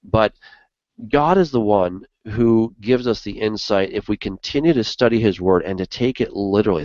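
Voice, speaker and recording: Man with a lowish voice, earnest co-host, casual discussion, dry dull lo-fi recording. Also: darkish tone, no echo. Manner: earnest, with many "you know" fillers. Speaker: co-host of a Bible study show.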